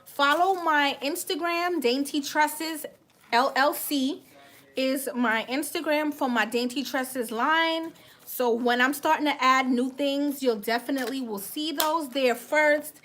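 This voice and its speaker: A woman's voice: sits high, measured pace, fairly bright tone. A woman with a light West Indian accent, chatting casually on a makeup livestream, thanking viewers and tripping over her words now and then. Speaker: beauty vlogger on a livestream.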